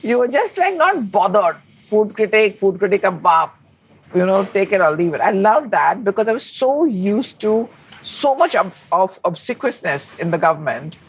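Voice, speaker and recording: Brief: woman food critic as guest, husky voice, lively and emphatic chat. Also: moderate pace. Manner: animated and emphatic, pitch leaps up when excited. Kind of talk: conversational interview.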